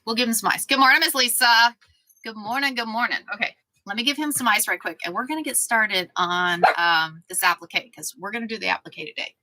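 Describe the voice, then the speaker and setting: A chatty woman hosts a sewing livestream, with a bright, forward tone. She talks casually, greets viewers by name and fusses over her dog. The sound is dry and close, with little room echo. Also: mid-range voice.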